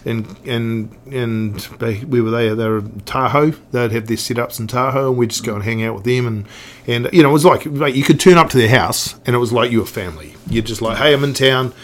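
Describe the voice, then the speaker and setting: On a laid-back podcast, a guest who is a veteran of the snowboard industry, a middle-aged man with a New Zealand accent, rambles through stories with many restarts and filler words. His voice is mid-range and fairly quick.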